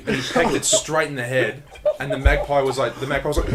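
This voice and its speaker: A young man, co-hosting a casual podcast chat and acting out a story with loud sound effects. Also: medium pitch, quick pace, over a noisy crowd. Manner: animated storyteller, acts out bird voices and sound effects. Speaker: podcast co-host.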